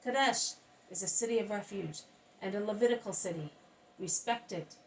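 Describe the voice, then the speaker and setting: A woman reading the part of a stately old man who heads a synagogue, speaking in a forceful, raised manner, from a distant mic with faint hiss. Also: mid-range voice, a little slow, natural voice. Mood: indignant. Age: older. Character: stately old male synagogue head, indignant defender.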